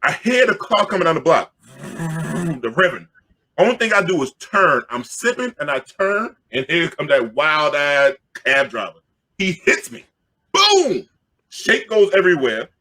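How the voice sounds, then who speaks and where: Husky, bright-voiced New storyteller. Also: male voice, fairly high pitch, a little slow. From Queens, New York. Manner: excitable, jokey, loudly acts out the crowd. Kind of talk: animated storytelling.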